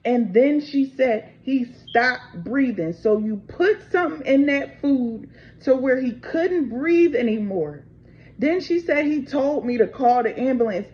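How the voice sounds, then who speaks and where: A woman's voice: high voice, expressive, a little slow. A woman from the United States telling a personal story to camera in a raw, unscripted way full of fillers. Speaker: channel host. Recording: dull lo-fi with faint background noise.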